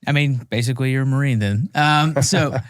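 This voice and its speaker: A male Marine veteran tells a war story as an interview guest, acting out each quoted line in character. His voice sits in a middling pitch and is recorded up close and dry. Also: brisk, clean tone, no room sound.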